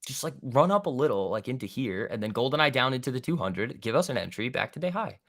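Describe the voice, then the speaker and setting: Bright-voiced man doing casual trading commentary. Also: medium pitch, big pitch swings, fast. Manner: loose, profane, bro-talk banter with chat, chuckling. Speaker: stock trading livestream host. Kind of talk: casual live market commentary.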